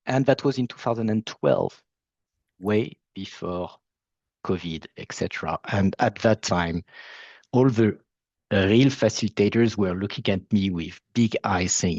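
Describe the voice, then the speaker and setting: A man's voice: lowish voice, unhurried, a little mellow, no room sound, muffled recording. A man with a French accent, a platform founder talking casually on a panel, self-deprecating and chatty with some hesitations. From France.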